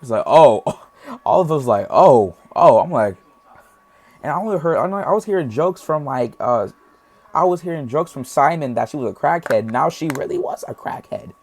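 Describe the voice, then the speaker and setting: A man's voice: a little high, animated, moderate pace. Young man rambling through a casual story. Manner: rambling, heavy slang, acts out voices. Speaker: storytime vlogger.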